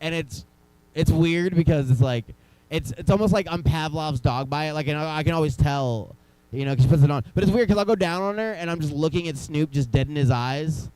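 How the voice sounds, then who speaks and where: A young man works a small club crowd with loose, wandering stand-up. His voice sits a touch high but sounds mellow and dark. He rambles and restarts, teasing the audience as he goes. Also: a little fast, clear, resonant tone, dry recording, low-quality recording. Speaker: stand-up comedian. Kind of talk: stand-up comedy with crowd work.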